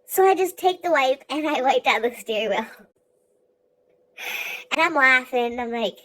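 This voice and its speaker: Very high-voiced, exasperated young woman. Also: lively intonation, fairly bright tone, low-quality recording. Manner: exasperated, profane, rapid rants. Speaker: vlogger. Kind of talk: comic storytelling.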